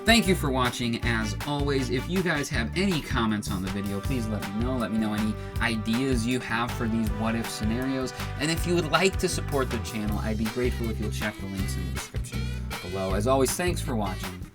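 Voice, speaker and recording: Casual male comedy narrator, lively pitch. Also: brisk, loud music behind the voice. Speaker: channel host and narrator.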